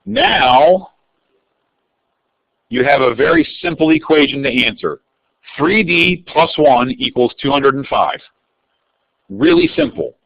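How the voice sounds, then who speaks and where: A man's voice: on the high side, huge pitch swings, slow pace, gravelly, pauses often, no echo. A man teaching a live online algebra review lesson, calling on students by name in an upbeat way. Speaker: math teacher. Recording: dull lo-fi dry sound.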